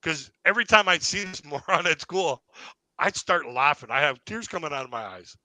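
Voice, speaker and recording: A man's voice: fairly high pitch, expressive, moderate pace, pushed and bright, no echo, rough recording. A man hosting a live online comedy panel, telling a long rambling anecdote and laughing at his own story. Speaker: stand-up comedian host.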